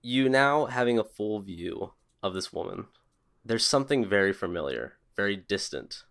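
Low-voiced man narrating as game master. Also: lively intonation, moderate pace, fairly bright tone.

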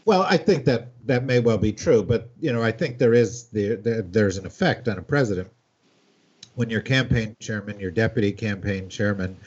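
Male panel host; lowish, husky, filler-heavy; muffled audio. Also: moderate pace, darkish tone. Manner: filler-heavy, steering the talk. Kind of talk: political panel discussion. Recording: dull lo-fi audio.

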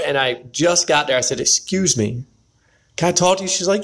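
A man's voice: medium pitch, fairly quick, a bit bright. A man telling a story to the camera as a motivational pep talk, often checking in with "right?" and speaking straight to other men. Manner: pep-talk, addresses viewers directly, repeats "right?". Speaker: vlogger.

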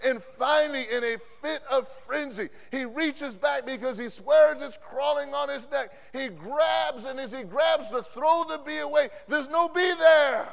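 Guy preaching, high pitched and gravelly, saying amen a lot, loud then quiet, big hall echo. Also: a little slow, few pauses. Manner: punctuates phrases with "amen", swings between loud and hushed. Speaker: pastor. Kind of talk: preached sermon. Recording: long hall reverb from a conference sanctuary.

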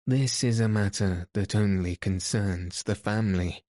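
Man voicing an impulsive young nobleman, urgent, slow delivery, dry sound. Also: lowish voice, mellow, no echo, natural voice. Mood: anxious.

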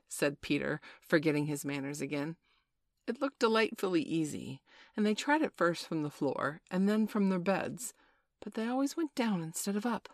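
Low-voiced woman reading a storybook. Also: no room sound, studio quality. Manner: measured, gently playful storyteller. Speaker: narrator.

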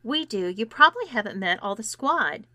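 A woman's voice: a little high, very animated, normal speed, sharp tone, dry recording, clean studio sound. A woman voicing a confident, protective teenage girlfriend in a storybook reading, firm and insistent.

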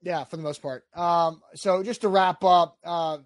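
A man from the Nashville area hosting a casual sports talk show, reading listener questions in a brisk, firm way, with no Southern accent. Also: sits high, fairly even intonation, dry recording, studio quality. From Nashville area, Tennessee. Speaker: podcast host.

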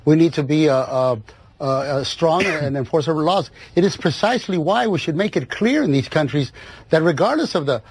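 Man, husky voice, high pitch, dry sound, insistent debater. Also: animated, moderate pace, dry recording. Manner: insistent, with many fillers. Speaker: political guest.

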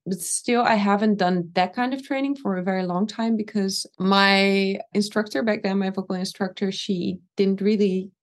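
A woman's voice: medium pitch, fairly even intonation, normal speed, hardly any pauses. A woman from the Netherlands, a singer being interviewed, talking casually with many fillers and restarts. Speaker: singer guest.

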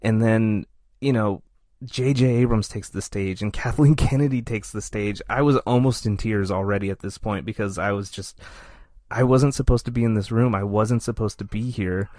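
A man on a podcast, telling a self-deprecating anecdote in a lively, casual way. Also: on the low side, normal speed, dry recording, studio quality. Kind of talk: casual storytelling.

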